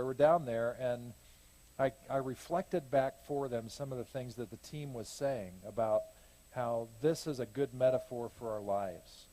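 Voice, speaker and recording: A man's voice: medium pitch, dark tone. A man giving a casual, rambling report on a church mission trip, often correcting himself and laughing at his own jokes. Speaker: church mission team speaker.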